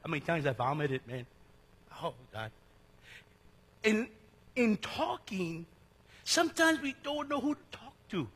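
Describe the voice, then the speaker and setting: A male pastor delivering a lively sermon in a church, joking and quizzing his congregation. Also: high voice, unhurried, pauses often, breathy edge. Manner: lively, jokey preaching that asks the congregation questions.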